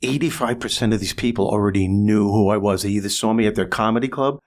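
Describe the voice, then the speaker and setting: Speaking in a lowish voice, a man in his sixties who works as a comedian and motivational speaker guests on a podcast interview. He tells his story animatedly, climbing to peaks that get louder and faster.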